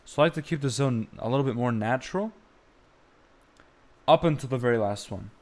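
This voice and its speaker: A young man teaching chant on a live stream, explaining slowly and breaking into short sung phrases. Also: medium pitch, lively intonation, a little mellow. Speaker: music teacher.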